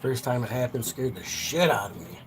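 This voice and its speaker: A man's voice: mid-range voice, expressive, normal speed. Rambling, profane middle-aged man. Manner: profane, loose, peppered with "you know what I mean". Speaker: live-stream vlogger. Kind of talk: rambling casual storytelling.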